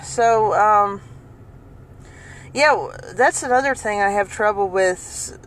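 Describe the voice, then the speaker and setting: A woman vlogger speaks casually to the camera about her own experiences, her medium-pitched voice slow and a bit bright on a low-quality recording. She rambles, restarts often, and laughs along the way.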